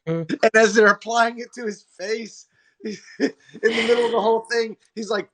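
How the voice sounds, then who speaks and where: A man's voice: very high voice, little pitch movement, moderate pace, fairly bright tone, dry recording. A man hosting a livestream, telling crude stories in casual chat and laughing as he goes. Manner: laughing storyteller, crude jokes. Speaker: livestream host.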